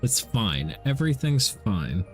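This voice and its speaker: Loud, excitable man streaming games. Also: fairly low pitch, a little slow, soft background music. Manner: loud, excitable, profane ranting. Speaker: gaming streamer. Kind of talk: casual stream chat.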